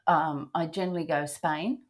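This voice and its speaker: An older Australian woman hosts a casual travel podcast, her low voice moving at a moderate pace with fairly even intonation. She chats upbeat, with plenty of fillers and restarts.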